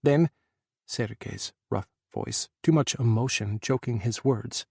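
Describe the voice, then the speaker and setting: A man narrating an audiobook in a measured, dramatic way. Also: medium pitch, creaky, darkish tone, slightly rough, no room sound, clean studio sound. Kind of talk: scripted narration.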